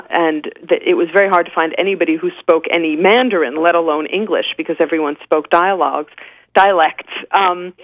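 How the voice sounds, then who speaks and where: A woman's voice: low-pitched, no room sound. New woman on a tinny phone line. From New York. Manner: animated storyteller, frequent restarts. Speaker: guest author. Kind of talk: phone interview.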